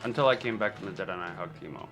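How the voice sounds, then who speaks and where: A man's voice: low voice, rapid-fire, a bit bright, faint music behind. A man playing his character in a tabletop game. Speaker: player. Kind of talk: in-character tabletop role-play.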